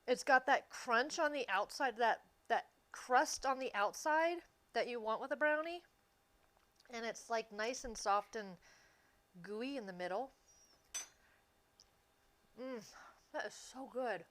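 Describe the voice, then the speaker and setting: Chatty woman streaming her baking, higher voice. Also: animated, a bit bright. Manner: chatty, easygoing, quick to laugh. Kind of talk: casual chat while baking on a livestream.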